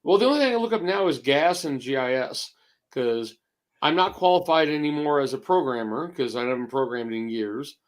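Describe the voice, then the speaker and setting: A man in his fifties co-hosting a casual chat, gruff and rambling, with restarts and swearing. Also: mid-range voice, animated, moderate pace. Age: 50s. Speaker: co-host.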